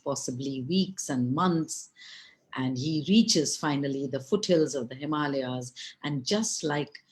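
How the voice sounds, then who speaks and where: A woman storyteller telling a folk tale in an unhurried, expressive way, with asides to her listeners. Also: a bass voice, low-quality recording.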